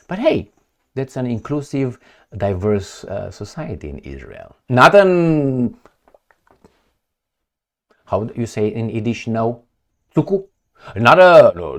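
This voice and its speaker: Sarcastic man with a lively voice. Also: fairly low pitch. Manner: sarcastic, crude, mocking. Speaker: news commentary host. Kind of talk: casual political commentary.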